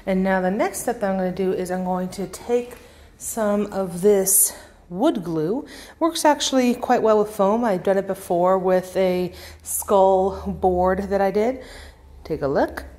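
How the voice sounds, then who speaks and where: A woman narrating a prop build step by step in a relaxed, chatty way, as the channel's host. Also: mid-range voice, unhurried. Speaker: prop maker.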